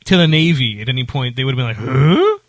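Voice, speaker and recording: A man's voice: mid-range voice, very animated, fast talker, dry recording. A man telling a long story in casual chat, with lots of fillers and restarts. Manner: rambling, many fillers and restarts.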